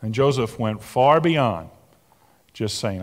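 Slow, animated pastor in a reverberant hall. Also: male voice, mid-range voice. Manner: slow, emphatic, rising to animated exclamations. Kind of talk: sermon. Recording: long reverb of a large hall.

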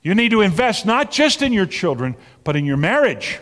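A man preaching a sermon, moving between loud emphatic peaks and soft near-whispers. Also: high voice, big pitch swings, normal speed, long reverb tail. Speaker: pastor.

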